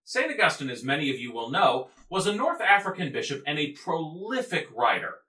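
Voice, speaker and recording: Animated man giving a playful history lecture. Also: on the high side, fairly quick. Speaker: podcast host explaining church history. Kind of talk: humorous scripted lecture. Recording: roomy echo, off mic, faint music.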